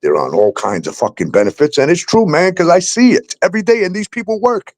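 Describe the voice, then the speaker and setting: Angry, animated New man ranting. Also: high voice, a little fast, dry recording. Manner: heated, swearing, ranting about landlords and cops. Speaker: talk show host. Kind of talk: angry profane rant.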